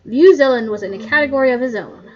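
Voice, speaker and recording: A woman reading the lines of a grumpy old male coroner, loud and gruff, on a muffled lo-fi mic. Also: sits high, quick pace, lightly acted. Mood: grumbling.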